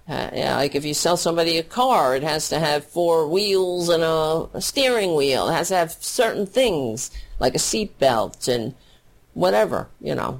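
Emotional woman with a gravelly voice. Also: low-pitched. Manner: blunt, heated, and emotional. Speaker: political talk show host. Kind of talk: casual livestream commentary.

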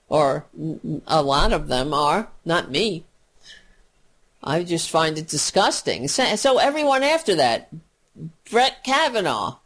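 A woman hosting political talk radio in a fiery, cursing rant. She speaks slowly and deliberately, with a mid-range voice, heavy on sarcasm and indignation. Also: mid-range voice. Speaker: fill-in radio talk host.

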